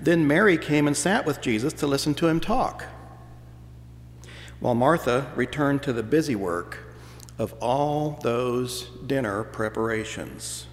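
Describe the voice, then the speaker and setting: A man's voice: medium pitch, expressive, a little slow, a little hiss or hum. A man preaching a sermon as pastor, telling stories in a folksy, playful way to his congregation. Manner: folksy storytelling with playful voices. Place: church sanctuary. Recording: church hall reverb.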